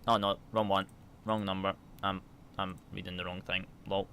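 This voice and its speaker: A man's voice: low-pitched, flat delivery, normal speed, sharp tone, slight background noise. A man from the United Kingdom, chatting casually with his viewers while flying a simulator, reading numbers and checklist items aloud between remarks. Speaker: flight sim streamer.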